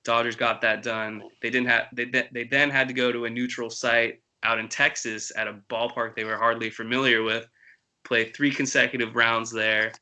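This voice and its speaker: A man's voice: mid-range voice, flat delivery, moderate pace, sharp tone, poor audio. A man hosting a casual sports podcast, talking earnestly with frequent restarts. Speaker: podcast host.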